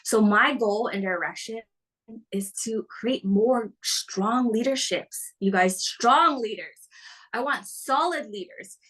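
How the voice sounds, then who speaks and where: A woman speaking as a team leader in an earnest, motivational way, slowing down to stress her points. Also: fairly high pitch, a bit bright, rough recording. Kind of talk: motivational talk.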